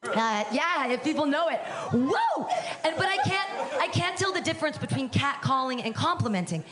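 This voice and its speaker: A woman's voice: high voice, very animated, a little fast. A woman in her fifties doing a brash, bawdy, self-mocking stand-up set at a live comedy club. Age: 50s. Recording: live club, loud crowd.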